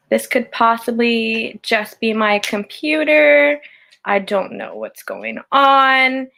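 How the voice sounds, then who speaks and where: A woman hosting a casual podcast reaction, chatty and quick to laugh. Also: sits high, vocal fry, fairly bright tone. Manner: chatty, laughs often, says y'all. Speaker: podcast host reacting to a stream.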